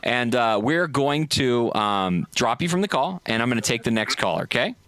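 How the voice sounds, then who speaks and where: A man's voice: medium pitch, lively intonation, moderate pace, fairly bright tone. A man hosting a casual live call-in podcast, rambling and gushing thanks while tipsy from shots. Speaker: podcast host.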